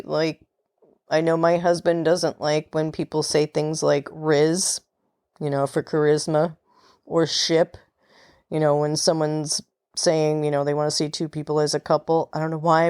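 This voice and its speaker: A New York woman with a New York accent hosts her podcast in a chatty, casual way, often laughing and trailing into fillers. Her voice sits low and she talks at an easy, unhurried pace. The recording is dry and close, with no room sound. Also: darkish tone, smooth, dry recording. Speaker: podcast host. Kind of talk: casual solo podcast talk.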